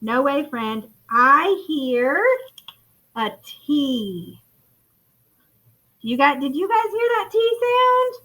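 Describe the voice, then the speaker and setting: A woman's voice: high voice, big pitch swings, very slow, long pauses, bright, forceful tone, low-quality recording. A woman from the United States, teaching a first grade phonics lesson in an encouraging way, calling the children friends. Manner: encouraging, calls listeners friends. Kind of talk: recorded classroom lesson.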